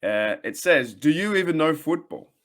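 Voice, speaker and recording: A man's voice: a little high, expressive, normal speed, a bit bright. An Australian man in his thirties hosting a casual sports fan podcast, ranting in a rambling, heated way with frequent restarts. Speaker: podcast host.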